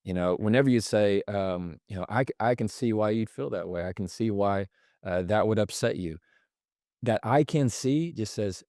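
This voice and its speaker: Low-voiced man explaining calmly. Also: moderate pace, no room sound, studio quality. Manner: explains with examples, acts out quoted lines. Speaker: podcast guest, communication expert. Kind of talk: conversational explanation.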